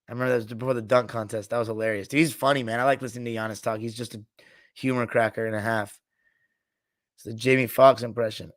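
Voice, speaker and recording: A man's voice: medium pitch, fairly even intonation, fast talker, dry recording, studio quality. Casual, swearing man talking basketball. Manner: loose, joking, swears freely, mimics coaches. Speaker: podcast host. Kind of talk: casual sports talk, reading live chat.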